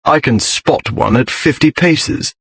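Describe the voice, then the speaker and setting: A man's voice: fairly high pitch, measured pace, fairly bright tone, slightly rough, dry recording, heavily acted. A man voicing a grim aristocratic English lord who speaks in a bored, dry and scornful way, in an audiobook reading.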